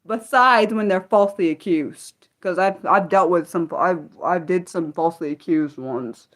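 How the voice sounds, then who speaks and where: A woman's voice: fairly low pitch, normal speed. Fired-up woman venting on a livestream. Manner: heated, swings between fired-up and muttered; swears freely, lots of restarts. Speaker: livestream host. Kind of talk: unscripted livestream chat.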